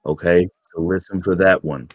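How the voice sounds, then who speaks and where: Low-voiced man running a tabletop game. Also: steady tone, normal speed, dry recording, narrow, tinny audio, faint music behind. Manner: casual, rambling, full of ums and laughs. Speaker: game master.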